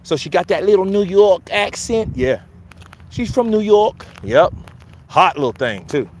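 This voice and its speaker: A man's voice: high-pitched, very animated, measured pace, slight background noise. A man with a Philadelphia accent hosting casual boxing commentary, loose and joking, hyping things up with repeated chants. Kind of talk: casual live-stream chat.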